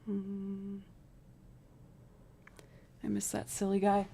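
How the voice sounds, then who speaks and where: A woman's voice: mid-range voice, completely flat delivery, extremely slow, gravelly, dark tone, slight background noise. A woman in her thirties chatting on her live stream as a musician, telling stories with frequent giggles. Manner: chatty storytelling, giggles often. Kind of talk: casual live-stream chat. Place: home desk setup.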